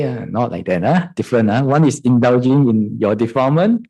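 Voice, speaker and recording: Monk giving a mellow, chuckling dharma talk. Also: male voice, mid-range voice, lively intonation, a little fast, vocal fry, hardly any pauses, breathy edge, low-quality recording. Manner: chuckles often, acts out students in quoted voices; checks in with "huh?" and "hmm?". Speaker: Buddhist monk and meditation teacher.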